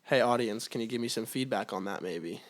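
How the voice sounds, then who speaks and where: A man co-hosting a casual chat, teasing his partner with quick jokes. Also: lowish voice. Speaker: podcast co-host.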